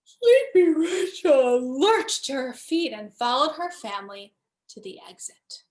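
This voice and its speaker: A woman, a cantor, gently and expressively reading a children's bedtime story aloud. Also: high voice, expressive, a little slow.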